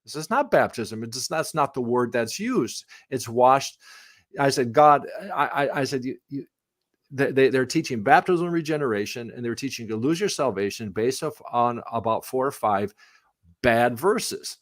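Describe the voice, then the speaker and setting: Middle-aged guy, pastor, casual q&a answers, lots of restarts, gets lively telling stories, dry close sound. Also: mid-range voice, moderate pace, no echo. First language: English. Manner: rambling with many restarts, animated when telling stories. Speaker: missionary pastor and Bible translation theologian. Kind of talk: live Q&A conversation.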